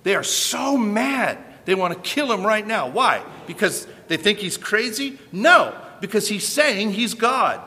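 An animated male preacher delivers a sermon with a bright, forceful voice pitched a little high. He drives his points home with emphatic rhetorical questions. A long reverb from a large hall trails his words. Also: a little slow, few pauses, slight background noise.

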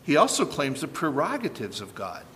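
With a forceful, bright voice pitched a bit high, an animated male preacher delivers his sermon at a moderate pace, hammering home points through emphatic rhetorical questions. Long reverb from a big hall follows his words, with slight noise in the background.

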